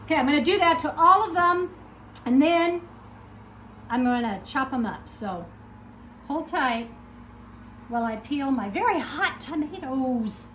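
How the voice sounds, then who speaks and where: A woman with a high voice talks through a recipe in her home kitchen, chatty and quick to poke fun at herself. Dishes and pans clatter clearly behind her as she works. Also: expressive, fairly bright tone, slight background noise. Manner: chatty, self-mocking, talks to herself while cooking. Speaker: cooking vlogger. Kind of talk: casual cooking video.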